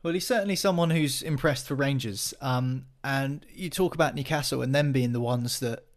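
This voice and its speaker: A man's voice: mid-range voice, moderate pace. Male football pundit, casual chatter full of fillers, mid-range voice. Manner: chatty, many restarts and fillers.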